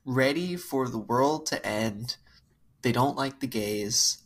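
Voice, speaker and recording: A woman co-hosting a podcast, casually telling a family story in a wry, amused way with drawn-out asides. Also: very deep voice, breathy edge. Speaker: podcast co-host.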